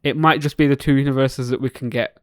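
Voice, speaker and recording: A man hosting a reaction video, excitable, swinging between shouts and mutters as he reacts to a series. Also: mid-range voice, quick pace, clean tone, no room sound.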